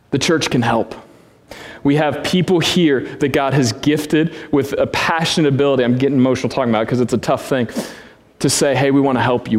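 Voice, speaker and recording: A man in his thirties preaching a conversational, earnest sermon as pastor, with casual asides to the congregation. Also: mid-range voice. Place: church sanctuary. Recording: long hall reverb.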